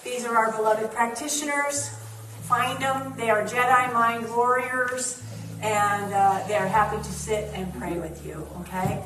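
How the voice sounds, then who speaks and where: Woman minister, chatty, playful asides, slightly high voice, echoey church hall, distant mic. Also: steady tone, unhurried. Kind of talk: church announcements and guided prayer. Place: church sanctuary. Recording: echoey church hall from far off, faint noise.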